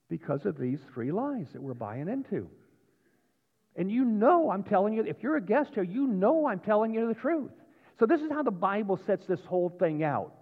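Folksy preacher with a high voice. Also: male voice. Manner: folksy, animated, sometimes yelling. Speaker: pastor. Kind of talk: sermon. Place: church sanctuary. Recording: dull sound with long church reverb.

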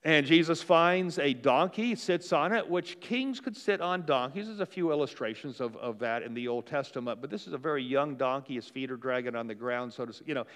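Male pastor, easygoing sermon delivery with a lot of "uh" and restarts, medium pitch, long church-hall reverb. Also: a little fast, few pauses, a bit bright. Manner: casual, conversational preaching with frequent fillers and restarts.

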